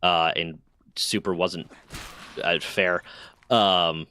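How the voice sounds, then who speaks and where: A man's voice: low voice, fairly even intonation, drawn-out words, bright, forceful tone, slight background noise. A man streaming a game while telling a rambling, profane story in a casual way. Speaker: gaming streamer.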